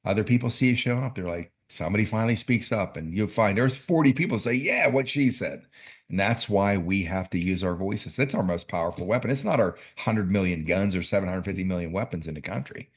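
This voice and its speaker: A man's voice: sits low, fast talker, few pauses. A man telling a story in casual talk, emphatic and getting fired up, often laughing as he goes. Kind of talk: animated storytelling.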